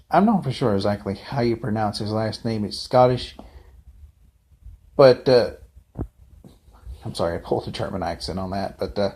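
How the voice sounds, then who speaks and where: A man talks through a fan review at an unhurried, slow pace, in a mid-range voice. He rambles off the cuff, trailing into asides and restarting his sentences as he goes. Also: mid-range voice, darkish tone. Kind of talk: casual unscripted review.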